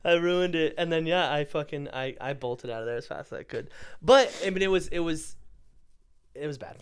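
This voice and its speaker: Young guy on a podcast, kinda high voice, laughs a lot while telling a story. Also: normal speed, smooth. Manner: animated storyteller, laughs often, acts out quotes. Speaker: podcast co-host, stand-up comedian. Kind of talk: casual chat, storytelling.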